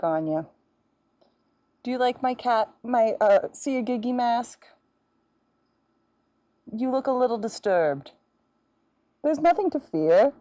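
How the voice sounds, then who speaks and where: A woman's voice: mid-range voice, dark tone, dry recording, lightly acted. A woman voicing a goofy female fish-girl sea creature, playful and theatrical, on a close mic during a live game stream. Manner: playful, theatrical, teasing the cat. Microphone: close to the mouth.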